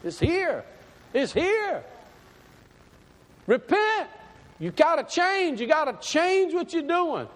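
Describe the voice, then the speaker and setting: This is a fiery desert prophet, as a preacher puts him on, crying out for repentance. The voice is pitched high and shouted urgently, with big leaps up and down. It rings through a long, echoey hall. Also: male voice, sing-song, slow, pauses often, full character voice. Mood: fervent.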